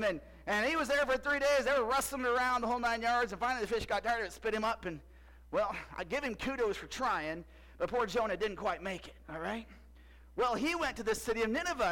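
A man's voice: high-pitched, expressive, a little fast, fairly bright tone, poor audio. A man performing a playful first-person Bible story monologue, joking and quizzing the audience. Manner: playful, jokey, asks audience questions. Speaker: costumed storyteller in church skit.

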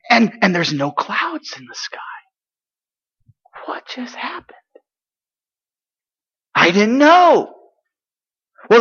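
A man playing an eager eight-year-old boy from Galilee in a dramatic first-person monologue, chatty and excitable, sometimes dropping to hushed asides. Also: very high-pitched, full character voice. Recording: dull lo-fi recording.

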